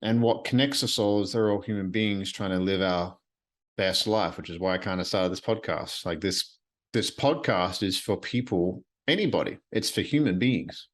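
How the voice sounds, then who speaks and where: A man's voice: low voice, normal speed. A man hosting his own podcast at night from his apartment, talking alone in an earnest, rambling way that often repeats phrases. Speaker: podcast host. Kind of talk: solo reflective podcast monologue.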